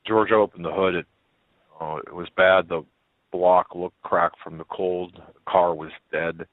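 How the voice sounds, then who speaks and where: A man reading a story aloud as a radio host, in a halting way with many fillers and restarts. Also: low voice, fairly even intonation, dry recording. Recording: tinny phone-like line.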